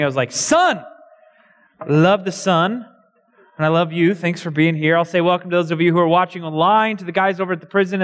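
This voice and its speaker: A young male pastor delivers a sermon with an easy, conversational manner and a bit of self-mocking humor. His voice sits high for a man. The sound carries a long reverb from the church hall around him.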